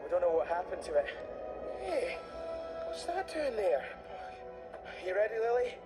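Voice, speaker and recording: A man's voice: high-pitched, big pitch swings, normal speed. A man voicing an easygoing young male conductor in a fan dub, casual, slangy and given to sighs. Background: music.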